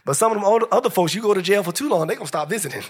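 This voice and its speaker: A man preaching a lively sermon, joking with the congregation, dropping into slow low phrases and rising into high shouts. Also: breathy edge. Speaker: pastor.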